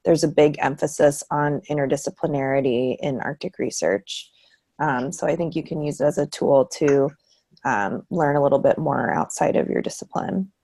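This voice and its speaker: A woman giving a relaxed online tutorial presentation, with frequent ums. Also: deep voice, normal speed, slightly rough. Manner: relaxed, many ums, light laughs. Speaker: presenter for a research committee.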